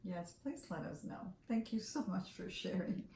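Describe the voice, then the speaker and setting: A woman's voice: lowish voice, animated, moderate pace, warm tone. Frank older woman co-host, echoey room. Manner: frank, joking. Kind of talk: casual chat. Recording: echoey room, faint noise.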